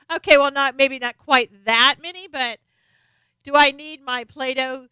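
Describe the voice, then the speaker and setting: A woman's voice: high voice, measured pace, sharp tone, dry recording. A middle-aged woman hosting a casual live stream, chatting as she reads out viewers' names and comments, sometimes turned away from her desk mic. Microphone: desk microphone, sometimes off-axis.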